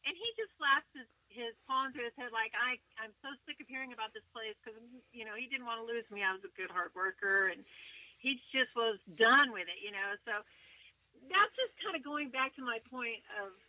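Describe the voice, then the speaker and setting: A woman singer, a guest on an interview show, chatting and telling a lively story with frequent laughter. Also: fairly high pitch, normal speed, no room sound, poor audio. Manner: animated, chatty, laughs often.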